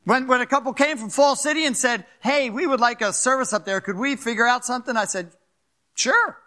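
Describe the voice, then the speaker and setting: An older pastor with a Philadelphia accent delivers a sermon at a rapid, animated clip, frequently asking his listeners "right?" to check in. For a man his voice is high, with a bright and forceful edge.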